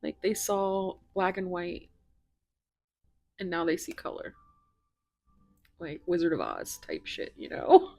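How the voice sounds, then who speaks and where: A woman's voice: sits high, creaky, breathy edge, dry recording. A woman reading tarot cards to her viewers, gushing and emotional, often dropping into whispers, and teary. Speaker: tarot reader.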